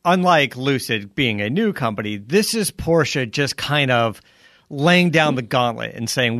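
Easygoing podcast host, dry sound. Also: male voice, medium pitch, lively intonation, measured pace, a bit bright, no echo. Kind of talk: casual podcast chat.

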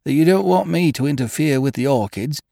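A man's voice: a little high, animated, a little fast, creaky, dark tone, no echo, clean studio sound, voice pushed up. A man voicing a nervous, respectful gardener who tells his tale earnestly to his employer. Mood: earnest, uneasy. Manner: earnest, respectful, addresses others as sir. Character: nervous deferential male gardener, working man.

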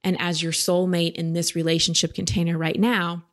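A woman in her thirties giving a caller direct but gentle coaching advice on a talk show. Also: lowish voice, little pitch movement, normal speed.

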